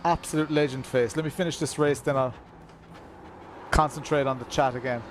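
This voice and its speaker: A man's voice: medium pitch, steady tone, fairly quick, a little hiss or hum. A man, chatting casually on a live stream while racing, rambling and laughing often at himself. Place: home at night, kids asleep upstairs.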